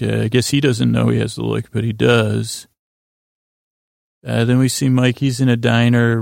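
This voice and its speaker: A man hosting a sleep podcast, recapping a story in a rambling, halting way with many fillers. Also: medium pitch, vocal fry, darkish tone, no room sound, studio quality. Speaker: podcast host.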